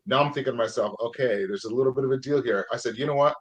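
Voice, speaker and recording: A man's voice: mid-range voice, racing. A middle-aged man from Vermont hosting a podcast, telling a story casually and acting out both sides of old phone calls. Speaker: podcast host. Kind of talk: podcast interview.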